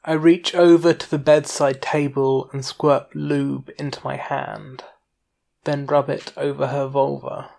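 A narrator reading a first-person erotic story in an unhurried, intimate way. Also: medium pitch, flat delivery, creaky, a little mellow.

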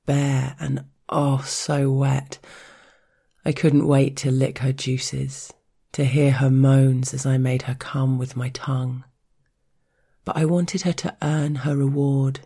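A woman with a husky voice, narrating an intimate first-person story in a slow, stern, controlled way. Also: a bass voice, dark tone.

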